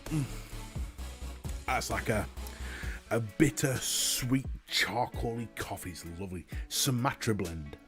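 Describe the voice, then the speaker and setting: Chatty British livestream host. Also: male voice, medium pitch, lively intonation, slow, pauses often, fairly bright tone, soft background music. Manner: chatty, swears freely, reads and answers chat. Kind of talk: casual live-stream chat.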